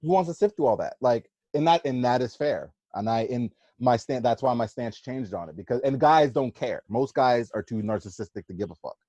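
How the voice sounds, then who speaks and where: A man co-hosting a podcast, telling stories in casual chat, swearing a lot and animated. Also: medium pitch, fairly quick, few pauses, dry recording, muffled recording. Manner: profane, animated storytelling. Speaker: podcast co-host.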